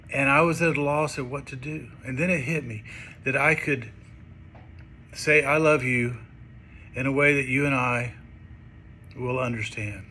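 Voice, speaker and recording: A man giving a recorded tribute and telling a joke, slowly and in a relaxed, dry way. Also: mid-range voice, slight background noise. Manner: slow, relaxed, dry storytelling. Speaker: songwriter giving a video tribute.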